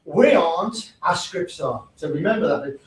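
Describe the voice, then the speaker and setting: A man telling a story to a live audience as a motivational speaker, animated, laughing and swearing freely. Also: fairly high pitch, normal speed, echoey room, distant mic, very noisy.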